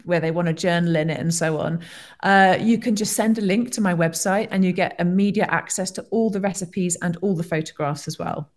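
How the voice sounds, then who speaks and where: A woman doctor and author, a guest on a podcast, talking in a cheerful, warm way and laughing easily. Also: fairly low pitch, a little fast. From United Kingdom. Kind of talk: casual interview chat.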